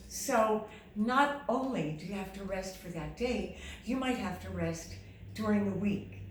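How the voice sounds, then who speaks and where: A woman singing teacher talks through a vocal lesson in a chatty, motherly way, now and then humming a note to show what she means. Her voice sits back from the mic in a roomy, echoing space. Music plays clearly behind her. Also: mid-range voice, recorded from a distance. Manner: chatty and motherly, hums demonstrations.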